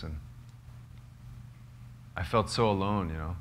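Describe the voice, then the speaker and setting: A man, a filmmaker, telling a true story to a small live group, halting and searching for words with many fillers. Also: low voice, fairly even intonation, a bit bright, slight background noise. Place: cozy lodge hall gathering.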